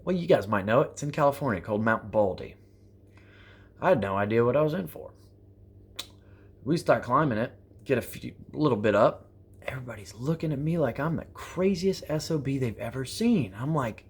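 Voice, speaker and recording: A man in his thirties telling motivational stories to his viewers, animated and profane, acting out the people in his stories. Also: mid-range voice, fairly quick, breathy edge. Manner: animated, acts out quoted exchanges, profane, repeats phrases for emphasis. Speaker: prepper vlogger. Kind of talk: motivational storytelling to camera.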